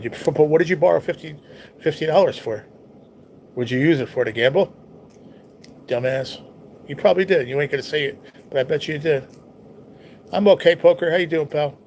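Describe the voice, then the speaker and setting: A man's voice: mid-range voice, normal speed, gravelly, pauses often, a little hiss or hum. A young man hosting a casual live stream at home, reading viewer comments and chatting in a laid-back, teasing way with plenty of swearing.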